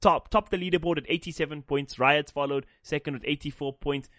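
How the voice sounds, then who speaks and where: A man's voice: on the high side, steady tone, a little fast, a bit bright, no room sound, studio quality. Joking male podcast co-host from South Africa. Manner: joking, self-mocking, swears. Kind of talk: casual podcast chat.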